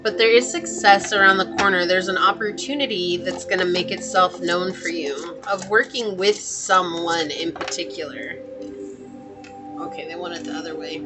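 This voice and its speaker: A woman's voice: fairly low pitch, steady tone, moderate pace. A woman giving a casual spoken tarot reading, chatty and reassuring, with many fillers and restarts. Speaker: tarot reader. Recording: music playing behind the voice.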